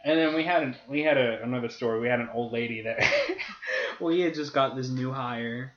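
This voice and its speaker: A young man co-hosting a podcast, telling workplace stories in a casual, profane, animated way. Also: medium pitch, a little fast. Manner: profane, animated storytelling with laughter. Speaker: podcast co-host. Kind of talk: casual storytelling chat. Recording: roomy, dull lo-fi podcast audio.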